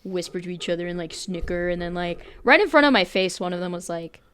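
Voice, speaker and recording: A woman's voice: lowish voice, lively intonation, fast, a bit bright, smooth. A young woman co-hosting a podcast, telling stories in casual chat, blunt and rambling and swearing freely. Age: young adult. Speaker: podcast co-host.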